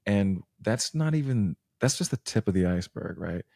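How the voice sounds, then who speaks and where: Male performer as a level-headed mom talking sense into dad; low, mellow, close and dry. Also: expressive, moderate pace, creaky, husky, dry recording, exaggerated voice. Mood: reasoning. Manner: patient, reasoning, level. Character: calm mother reasoning with her husband. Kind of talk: role-play in casual chat.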